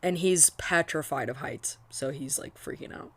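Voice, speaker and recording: A young woman with a husky voice that sits low chats at a moderate pace about a book she's reading. The book vlogger's casual reaction wanders, with frequent fillers and restarts.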